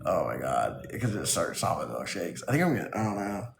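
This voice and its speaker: A giggly man streaming live, his voice gravelly and full of swooping ups and downs. He talks slowly and often breaks into laughter as he riffs on his chat's jokes. The sound is roomy and echoey, with a faint hum of noise behind him. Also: sits low, big pitch swings. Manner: giggly, reading and riffing on chat. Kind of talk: casual live stream chat.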